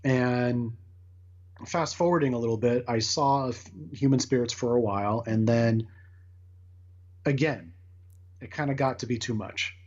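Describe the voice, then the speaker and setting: Husky man telling a personal story. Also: medium pitch, unhurried, long pauses. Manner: earnest, rambling with restarts and acted-out quotes. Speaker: guest. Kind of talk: casual storytelling interview. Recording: muffled lo-fi audio.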